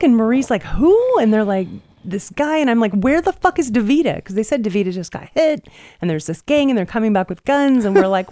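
Woman host, casual storytelling, profane and animated, lively swinging pitch, dry close sound. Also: no room sound. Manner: profane, animated, acts out quotes. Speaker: podcast host.

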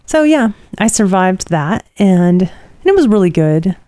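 A woman's voice: mid-range voice, very animated, a little slow, warm tone, dry recording. A middle-aged woman, tired, co-hosting a casual chat and telling a rambling personal story. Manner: rambling and chatty, many fillers.

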